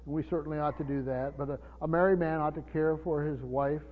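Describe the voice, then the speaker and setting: A man preaching a Bible study sermon, often pausing, repeating words and asking his listeners questions. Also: on the high side, steady tone. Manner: halting, repeats words, asks the room questions. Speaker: pastor. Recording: tinny phone-like sound in a reverberant hall.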